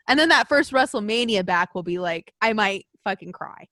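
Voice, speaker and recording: A woman co-hosting a podcast in casual chat, excitable and gushing, swearing freely. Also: mid-range voice, normal speed, few pauses, dry recording, studio quality. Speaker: podcast co-host.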